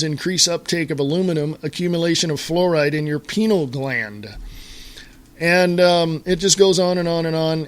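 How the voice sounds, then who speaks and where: A man's voice: a little high, a bit bright. A man hosting a solo talk radio show, ranting in an exasperated way to his listeners with lots of fillers and restarts. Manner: halting with fillers and repeated starts.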